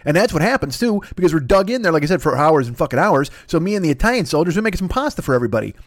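A man's voice: on the high side, lively intonation, fast, dry recording, studio quality. A man hosting a podcast, delivering a rambling, profane, self-mocking comedic rant. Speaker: podcast host.

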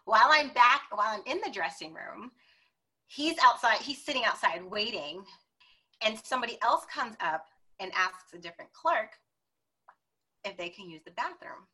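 A woman guest telling stories in a casual interview, animated and acting out the voices she quotes. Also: on the high side, normal speed, husky, rough recording.

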